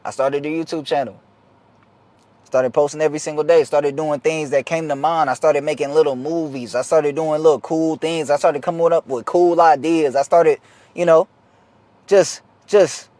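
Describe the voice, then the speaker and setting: A man's voice: a little high, a little mellow, no room sound. A young man talking casually to the camera, giving an earnest, slangy, repetitive motivational talk as a vlogger.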